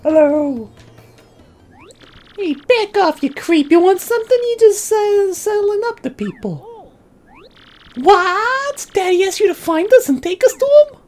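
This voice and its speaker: A shrill lovesick runaway. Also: female voice, animated, measured pace, long pauses, darkish tone, soft background music. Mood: melodramatic. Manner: melodramatic, gushing. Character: dramatic young runaway woman, lovesick, theatrical.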